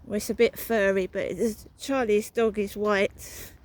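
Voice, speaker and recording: A woman's voice: medium pitch, steady tone, unhurried, rough recording. A woman narrating a walking vlog outdoors, talking in a rambling, repetitive, suspicious way. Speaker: vlogger. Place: outdoors, walking through a town.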